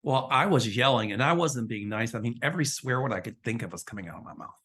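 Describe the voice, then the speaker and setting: Male host, mid-pitched, animated indignant storyteller in casual chat. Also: quick pace, husky. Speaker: psychic show host.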